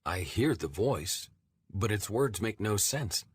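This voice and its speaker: A man narrating a fantasy audiobook in a measured, steady first-person reading. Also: on the low side, slightly rough, no room sound, studio quality.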